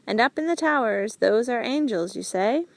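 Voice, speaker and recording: A woman voicing a quick-tempered male army general in an audiobook, speaking in incredulous questions. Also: fairly high pitch, animated, gravelly, no echo. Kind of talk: audiobook character reading.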